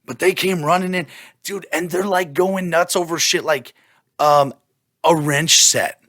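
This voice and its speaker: A man's voice: a little high, fairly even intonation, unhurried, fairly bright tone, dry recording, studio quality. A young man hosting a solo podcast, rambling through profane, jokey stories in casual chat. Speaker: podcast host.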